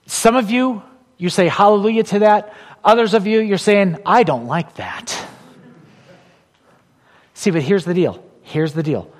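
A male pastor delivers a sermon with emphasis, repeating key phrases and shifting between loud proclamations and quiet, intimate asides. His voice is high-pitched and his pace normal, with a long reverb tail trailing his words.

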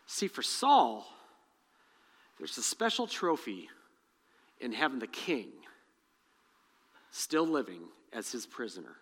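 A man preaching a sermon as pastor, animated, mixing scripture reading with humorous asides. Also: mid-range voice, slow, long pauses, long reverb tail. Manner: reads scripture aloud and acts out the dialogue.

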